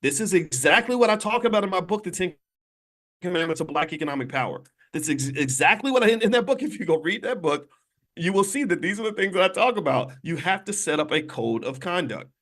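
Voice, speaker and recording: Man, fairly high voice, host of a livestream talk on his phone; emphatic, preachy, addresses viewers directly. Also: expressive, fast talker, a bit bright. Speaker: financial commentator and channel host. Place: hotel room.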